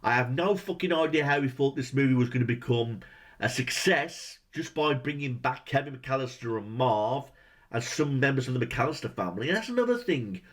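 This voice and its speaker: A man's voice: mid-range voice, expressive, brisk, a bit bright. A man ranting through a movie review, exasperated and swearing heavily, firing off rhetorical questions.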